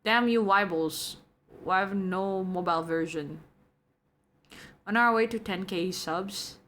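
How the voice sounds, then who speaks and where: A young woman streamer chatting casually with her viewers and reading the chat, giggly and chatty, going from soft to excited. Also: mid-range voice, slow.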